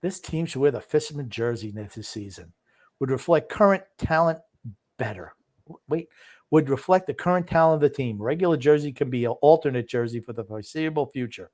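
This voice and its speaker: An older man co-hosting a podcast, grumpy and opinionated, quick to correct people. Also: mid-range voice, expressive, darkish tone. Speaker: podcast co-host. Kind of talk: casual podcast chat.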